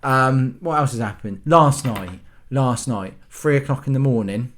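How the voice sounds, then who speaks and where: A man with a medium-pitched voice hosts his own channel, ranting casually to the camera at a measured pace. He sounds exasperated and self-mocking as he complains about everyday annoyances.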